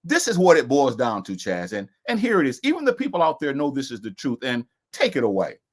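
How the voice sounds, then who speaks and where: A man's voice: medium pitch, huge pitch swings, fairly quick. A middle-aged man co-hosting a casual discussion broadcast, talking in an emphatic, preachy way. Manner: preachy, emphatic, sings and repeats lines. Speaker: co-host.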